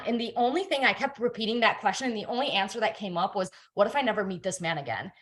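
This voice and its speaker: A young adult woman telling her life story in a relaxed interview, lively and full of fillers and repeats. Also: medium pitch, fast talker, few pauses. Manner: animated, many fillers and repeated words. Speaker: guest. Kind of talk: conversational storytelling.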